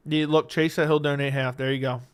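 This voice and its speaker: A man's voice: on the high side, little pitch movement, fairly quick, smooth. A man hosting a casual livestream, reading viewer messages, laid-back and swearing freely into a studio mic at home. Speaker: livestream host. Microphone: studio dynamic mic.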